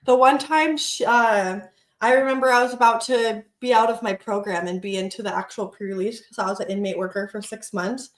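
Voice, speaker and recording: An animated woman co-hosting a podcast, her voice sitting a little high. She tells a personal story in casual chat, acts out what people said and swears freely. The room around her echoes. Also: a little fast. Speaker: podcast co-host.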